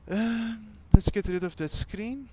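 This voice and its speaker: Dutch-native man, flight sim streamer, slightly high voice, relaxed running commentary, faint background hiss. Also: takes it slowly. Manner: chatty, thinking aloud while running cockpit checks. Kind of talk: casual gameplay commentary.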